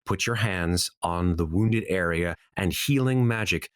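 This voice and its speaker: A man narrating as dungeon master in a measured, descriptive way. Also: sits low, noisy background. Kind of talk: narrating a tabletop game.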